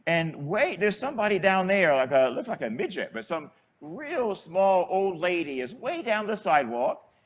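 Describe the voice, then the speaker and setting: A man's voice: a little high, lo-fi sound. A man, a priest, telling a story in a homily in a folksy, conversational way.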